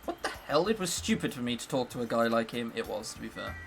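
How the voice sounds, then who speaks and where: A man's voice: mid-range voice, big pitch swings, quick pace, vocal fry, faint music behind. A man streaming a visual novel, giving chatty, joking commentary and swearing freely. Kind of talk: casual let's-play commentary.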